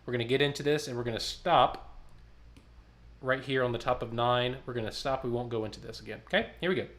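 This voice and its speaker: A man's voice: mid-range voice, fast talker, fairly bright tone. A man leading an online choir rehearsal, counting beats, speaking syllables aloud and singing lines for the singers to copy. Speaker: choir director.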